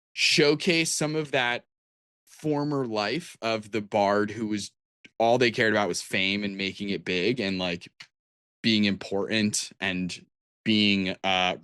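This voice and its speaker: A man's voice: fairly low pitch, fairly bright tone, clean tone, dry recording, clean studio sound. A man co-hosting a podcast, chatting casually about tabletop games in a rambling way with many restarts. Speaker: podcast co-host.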